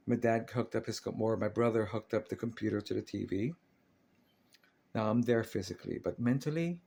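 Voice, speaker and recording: A man's voice: on the low side, vocal fry, darkish tone. A man telling a personal story in a casual, rambling, earnest way, often restarting his sentences.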